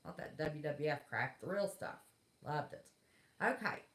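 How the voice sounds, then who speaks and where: A deep, expressive, slightly bright voice at a measured pace belongs to a middle-aged woman from West Virginia. Hosting her livestream, she rants to chat bluntly, folksy and exasperated. An echoey room colors the sound.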